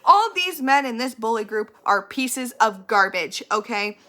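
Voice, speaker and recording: A woman with a bright, forceful voice sitting a little high in her range, recapping an episode in a casual vlog. She is blunt and ranty, swears freely and throws her opinions at every character. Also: measured pace. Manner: animated and opinionated.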